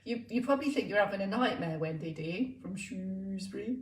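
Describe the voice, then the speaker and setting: A woman's voice: mid-range voice, a little fast, hardly any pauses. A woman exercise instructor chatting playfully on a live stream, laughing often. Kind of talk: live-streamed casual chat. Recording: roomy, distant sound.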